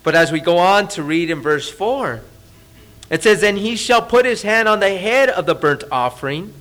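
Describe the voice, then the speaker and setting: A man preaching a sermon as a pastor, talking conversationally, asking the audience rhetorical questions and dropping to a hushed voice for emphasis. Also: a little high. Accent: Californian. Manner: drops to a soft, hushed voice for emphasis. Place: church.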